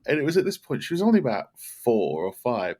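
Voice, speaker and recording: A man's voice: medium pitch, wildly swooping pitch, brisk, darkish tone. A man on a podcast as a guest, telling an easygoing personal anecdote. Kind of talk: casual podcast chat.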